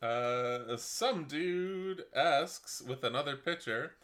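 Bright-voiced laid-back man. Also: fairly high pitch, animated, slow. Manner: laid-back, supportive reactions, jokey asides. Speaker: podcast co-host. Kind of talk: casual chat.

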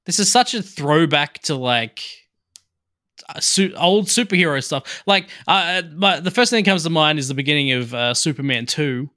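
Animated and a bit high-pitched, with a sharp tone, this movie podcast co-host talks at an ordinary pace. He rambles casually through the review chat, full of fillers and quick laughs.

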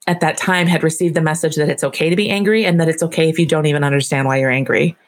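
Podcast co-host, female, slightly low pitch, lively and chatty. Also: fast. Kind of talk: casual book discussion.

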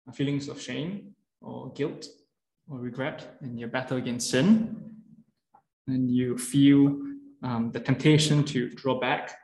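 A man's voice: mid-range voice, darkish tone. A man preaching an earnest lunchtime sermon, explaining step by step with fillers and restarts. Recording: echoey room.

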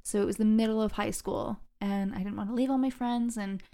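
A woman's voice: mid-range voice, steady tone, brisk, mellow. A young woman from England with a faint English accent, a podcast guest chatting casually and laughing easily. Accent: faint English, mostly Canadian. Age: young adult. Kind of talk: casual chat.

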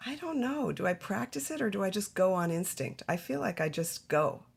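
A middle-aged actress talking about her career as a podcast guest, animated and chatty, often breaking into laughs. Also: medium pitch, normal speed, gravelly, slightly rough. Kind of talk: casual interview chat.

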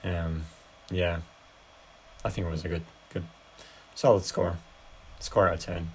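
Young woman with a very deep voice, co-hosting a podcast. Laid-back and sweary, with lots of short agreements. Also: fairly even intonation, unhurried, darkish tone, slight background noise. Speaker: podcast co-host. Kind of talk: casual film-review chat.

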